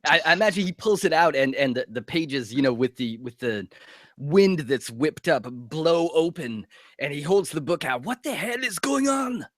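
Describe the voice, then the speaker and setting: A man playing a tabletop game, describing his move in a halting way with restarts. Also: a little high, expressive, no echo, studio quality. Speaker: player. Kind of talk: tabletop role-play.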